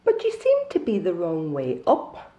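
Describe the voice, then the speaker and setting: A woman voicing a friendly, curious male bat in a storybook, who teases gently. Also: on the low side, huge pitch swings, unhurried, voice pushed down. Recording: echoey room, dull lo-fi sound.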